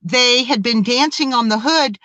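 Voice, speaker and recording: A woman guest tells her story in a casual interview, excitable and animated, stumbling and restarting as she goes. Her voice sits a little high. The sound is close and dry. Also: a little slow, dry recording, poor audio.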